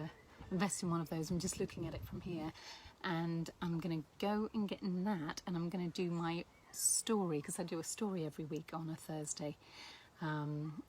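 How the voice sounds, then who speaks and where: Brief: middle-aged woman, lowish voice, chatty sign teacher, self-deprecating. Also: a little hiss or hum. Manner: chatty and warm, laughing at herself. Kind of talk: casual teaching video to camera.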